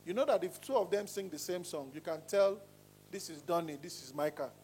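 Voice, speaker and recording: Animated vocal coach, high voice. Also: male voice, fairly quick, a little hiss or hum, rough recording. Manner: animated, demonstrating voices with sudden pitch swings. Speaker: singing coach. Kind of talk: voice lesson to a class.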